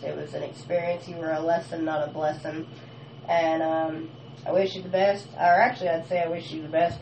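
A woman hosting a radio show in casual on-air chat, blunt and expressive and swearing freely. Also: on the low side, slight background noise. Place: small radio studio. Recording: echoey distant lo-fi radio studio.

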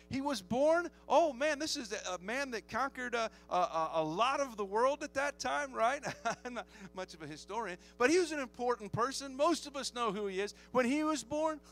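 High-voiced joking male preacher. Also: normal speed, faint music behind. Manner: joking, lively, asks the congregation for amens. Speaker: pastor. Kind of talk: sermon.

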